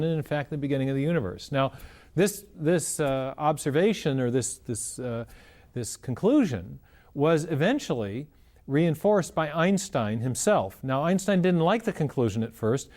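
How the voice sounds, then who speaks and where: A man's voice: a little high, a little mellow. A man in an interview, explaining ideas step by step in an earnest, conversational way. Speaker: interview guest explaining science.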